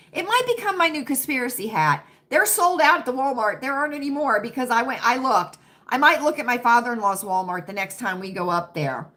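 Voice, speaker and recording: A woman's voice: mid-range voice, a bit bright. A middle-aged woman hosting a casual livestream, chatting with viewers, calling them friends and honey and often asking "right?". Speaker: livestream host. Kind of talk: casual live chat with viewers.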